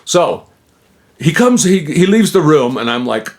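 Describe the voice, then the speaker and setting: Gravelly man telling a rambling story. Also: on the high side, sing-song, normal speed. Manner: rambling, acts out quoted dialogue; frequent fillers and self-interruptions. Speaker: channel host. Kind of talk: casual first-person storytelling.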